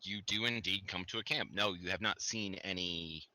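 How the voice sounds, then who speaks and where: A man's voice: sits low, normal speed, bright, forceful tone. A man narrating as game master in a loose, chatty way with fillers.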